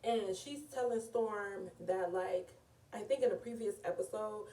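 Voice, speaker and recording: A woman's voice: medium pitch, a little slow, recorded from a distance. A woman casually recapping a reality TV episode in a chatty, gossipy way. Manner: chatty, animated, often says "girl" and "like". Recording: echoey room, voice away from mic.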